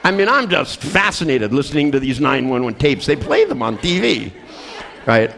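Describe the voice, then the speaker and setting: Animated man telling a comic story. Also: medium pitch, gravelly, a little hiss or hum. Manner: animated, laughing through lines, quick restarts. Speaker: seminar presenter.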